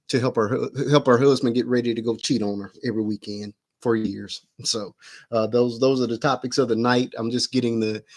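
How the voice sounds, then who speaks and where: A man hosting a casual livestream from his home, chatting and muttering to himself as he adjusts his camera, picked up by the camera mic. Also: mid-range voice. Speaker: livestream host. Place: at home, indoors.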